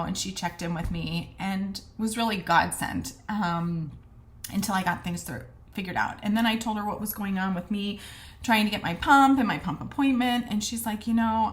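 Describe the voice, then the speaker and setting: An earnest woman in casual storytelling mode, speaking at a medium pitch. She is chatty and keeps acting out the things people said to her, with plenty of fillers and restarts along the way. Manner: chatty, acts out quoted conversations. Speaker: vlogger sharing a personal health story.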